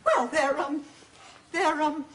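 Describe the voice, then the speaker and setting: A fussy, flustered music teacher. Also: female voice, high-pitched, slow pace, noisy background. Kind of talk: sitcom acting.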